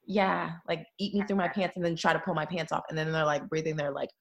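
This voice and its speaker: A woman's voice: low-pitched, fairly even intonation, quick pace, gravelly, a little hiss or hum. A woman guest on a podcast, talking in a rambling, frank, chatty way. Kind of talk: casual chat.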